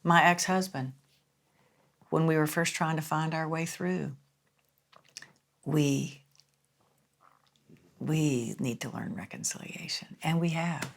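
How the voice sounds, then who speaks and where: A woman in her sixties, a singer-songwriter guest, telling stories in a relaxed, reflective dinner conversation. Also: sits low, slow, vocal fry, pauses often. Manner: reflective storytelling, lively and animated.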